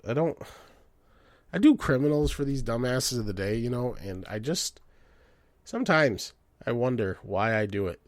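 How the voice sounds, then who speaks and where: Sweary animated ranting man. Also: medium pitch, normal speed, long pauses, no room sound. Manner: sweary, animated, swings between loud outbursts and mutters. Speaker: podcast host. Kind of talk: profane comedic rant.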